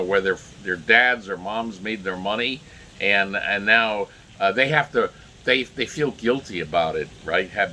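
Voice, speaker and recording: A man delivers opinionated solo commentary in a bright, forceful voice. He rambles and circles back, stacking up fillers and restarts as he grows indignant. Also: fairly low pitch, slight background noise. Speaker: political commentator.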